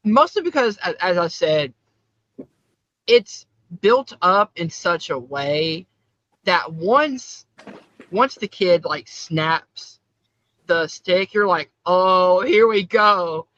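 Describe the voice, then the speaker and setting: A man's voice: sits high, sing-song, takes it slowly, long pauses, fairly bright tone, no room sound, highs cut off. A man hosting a casual podcast about horror films, talking in an enthusiastic, upbeat way as he introduces award categories. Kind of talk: casual film discussion.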